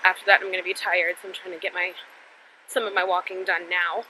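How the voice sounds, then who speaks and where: A woman's voice: on the low side, little pitch movement, fast, background noise. A young woman chatting to her handheld camera while walking on residential streets, telling a frank, exasperated story in a casual vlog. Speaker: vlogger.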